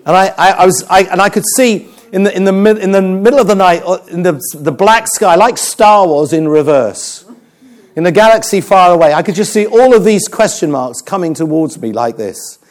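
A man preaching a sermon, telling stories with jokes and an animated delivery. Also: high voice, moderate pace. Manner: animated, joking storyteller.

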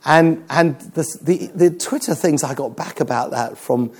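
A man preaching a sermon, telling stories with jokes and an animated delivery. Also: on the high side, unhurried, slightly rough. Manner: animated, joking storyteller.

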